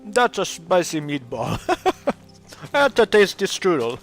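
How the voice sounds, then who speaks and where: A man's voice: sits high, very animated, very slow, sharp tone, soft background music, voice pushed up, exaggerated voice. A man hamming up a jolly Italian man with a mock Italian accent, praising food. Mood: hammy. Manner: hammy, exaggerated.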